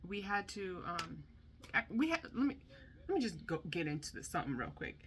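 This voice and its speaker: A young mother telling a storytime in a chatty, animated way, with a lowish but bright, forceful voice. She drops into lively impressions of the people she quotes. Faint room noise sits under her voice. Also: fairly quick. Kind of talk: candid storytime vlog.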